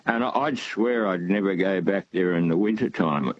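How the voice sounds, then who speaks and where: A man's voice: deep voice, normal speed, highs cut off, slight background noise. An older man calling in to a radio show, talking in a rambling, hesitant way with many fillers. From Australia. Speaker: caller. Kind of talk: phone-in call.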